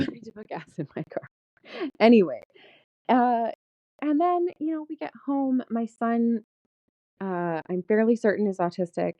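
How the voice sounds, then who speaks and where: A woman's voice: lowish voice, dry recording. Venting woman, candid vlog. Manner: venting, frank, laughs often, swears. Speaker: vlogger. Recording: dull lo-fi sound.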